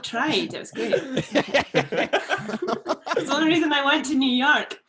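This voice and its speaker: A woman's voice: sits high, normal speed, a crowd in the background. A woman with a Shetland Scottish accent playing a comedy game show panelist, dry and bawdy, on a video call. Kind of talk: comic banter.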